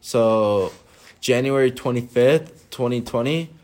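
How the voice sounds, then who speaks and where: A man's voice: mid-range voice, slow pace, a little mellow. Rambling young man telling a story. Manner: rambling storyteller, restarts and laughs a lot. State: tired. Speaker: podcast co-host. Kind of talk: casual chat.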